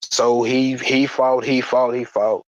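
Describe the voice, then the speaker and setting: A man giving a personal testimony in a halting, plain-spoken way, often repeating words and restarting. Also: mid-range voice, flat delivery, dry recording, lo-fi sound. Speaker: guest sharing a church testimony.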